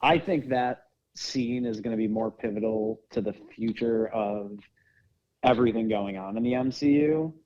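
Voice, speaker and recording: A man's voice: on the low side, normal speed, dull audio. A man co-hosting a casual podcast, explaining and speculating at length. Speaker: podcast co-host. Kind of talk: casual review chat.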